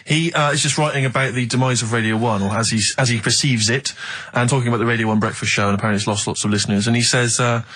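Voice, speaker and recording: A man's voice: mid-range voice, fairly even intonation, very fast, a bit bright, low-quality recording. A man co-hosting a radio show, talking in a dry, sarcastic way. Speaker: radio co-host. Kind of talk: casual radio banter. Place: radio studio.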